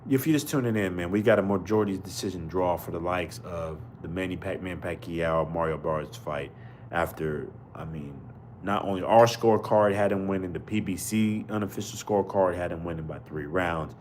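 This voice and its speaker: A man's voice: deep voice, fairly quick, darkish tone, a little hiss or hum. A man hosting a live boxing podcast chat, outraged and slangy, repeating his exclamations. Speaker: podcast host. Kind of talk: live fight commentary chat.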